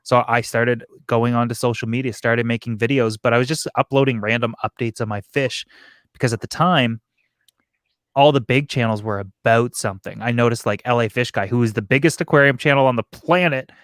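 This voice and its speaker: Talking fairly quickly in a medium, ordinary middle-range voice, a man who runs an aquarium YouTube channel chats on a live stream. He's animated and rambling, frequently restarting his sentences as he discusses the hobby. The audio is close and dry, without room echo.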